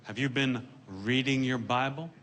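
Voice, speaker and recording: A man voicing a stern elderly grandmother who asks flat, measured questions, slightly raised from his own voice. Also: medium pitch, lightly acted. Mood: curt.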